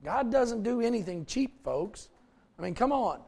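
A male pastor preaching a folksy, animated sermon with asides to the congregation. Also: extremely high pitch, measured pace, vocal fry.

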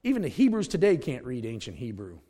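Emphatic preacher with a lively voice. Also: male voice, mid-range voice, fast, long reverb tail. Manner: emphatic, repeats key words, addresses listeners as folks. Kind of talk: sermon.

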